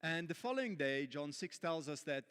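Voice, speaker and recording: A man with a South African accent, a pastor, delivers a sermon in a church auditorium, telling a story playfully and then turning earnest. He speaks at normal speed in a fairly high, animated, smooth voice that's a bit bright, with a big-room sound.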